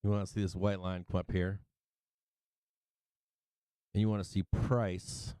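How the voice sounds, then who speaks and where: A man's voice: low-pitched, flat delivery, a little slow, dark tone, clean tone, no echo. A middle-aged man hosting a casual stock market livestream, talking through charts, laughing often and swearing freely. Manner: laughing, sing-song chanting, swears freely. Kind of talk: casual live trading commentary.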